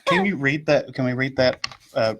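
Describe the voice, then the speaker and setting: A man co-hosting a casual library book discussion, halting and restarting his sentences as he chuckles along. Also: medium pitch, lively intonation, a bit bright, a little hiss or hum. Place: public library.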